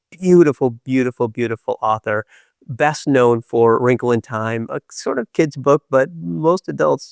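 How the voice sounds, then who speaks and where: A man hosting a podcast, telling reflective spiritual stories in an animated, playful way with many hesitations. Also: mid-range voice, smooth, no room sound, studio quality. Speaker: podcast host.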